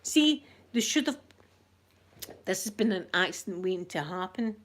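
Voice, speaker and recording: A middle-aged Scottish woman hosting a soft-spoken ASMR vlog, chatty and rambling, with local words like wee and yous. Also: mid-range voice, expressive, moderate pace. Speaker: ASMR channel host.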